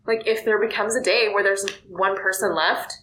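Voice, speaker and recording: Chatty woman, gushing, filler-heavy, mid pitch, roomy recording. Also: steady tone, normal speed, fairly bright tone. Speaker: book reviewer. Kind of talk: casual book chat. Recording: roomy echo.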